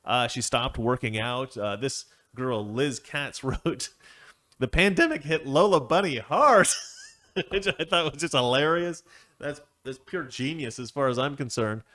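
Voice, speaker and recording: A man hosts an opinion commentary with a sarcastic, rambling delivery, stopping often to laugh. His voice sits at an ordinary middle pitch. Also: unhurried, fairly bright tone. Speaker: commentary host.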